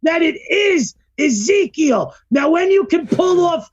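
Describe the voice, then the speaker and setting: A man co-hosting a casual podcast, excitable and often shouting as he riffs. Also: extremely high pitch, a little slow, no echo, dull audio. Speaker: podcast co-host. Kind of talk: casual chat.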